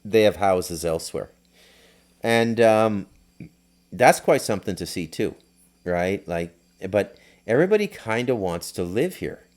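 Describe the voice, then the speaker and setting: A man's voice: fairly low pitch, expressive, measured pace, darkish tone. A middle-aged man hosting a podcast, telling loose, rambling stories with lots of fillers and restarts. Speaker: podcast host. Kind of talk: casual storytelling.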